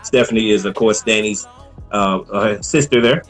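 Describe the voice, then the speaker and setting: A man co-hosting a casual movie review chat, relaxed and laughing often as he acts out lines from the film. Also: lowish voice, normal speed, faint music behind.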